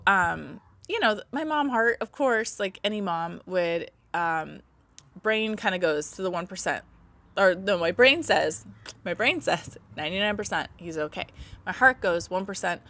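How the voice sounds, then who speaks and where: A woman's voice: mid-range voice, fairly bright tone. A woman in her thirties, a mother vlogging to camera, talking in a heartfelt way, close to tears and laughing through her nerves. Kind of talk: emotional casual vlog to camera.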